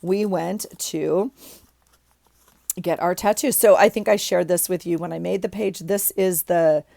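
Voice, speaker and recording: Her fairly low, gravelly, mellow voice stays steady and unhurried as the middle-aged woman rambles chattily at home about her journal, saying um and like often. The studio sound is clean with no room sound.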